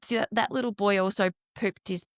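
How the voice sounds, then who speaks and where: A woman's voice: medium pitch, fairly even intonation, brisk, dry recording, studio quality. A woman hosting an interview, talking earnestly and emphatically as a foster carer. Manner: earnest, emphatic, acts out quoted speech.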